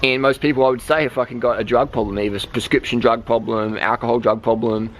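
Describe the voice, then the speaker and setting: Fast, sweary Australian man ranting. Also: medium pitch, steady tone, a little hiss or hum, rough recording. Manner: blunt, sweary, emphatic. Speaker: vlogger. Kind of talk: profane motivational rant. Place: outdoors, driving a vehicle.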